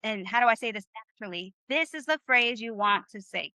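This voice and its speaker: Bright upbeat woman teaching a class. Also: on the high side, expressive, a little fast, dry recording. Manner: upbeat, encouraging, keeps asking "right?". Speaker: Spanish teacher. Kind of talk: live online class. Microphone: video call.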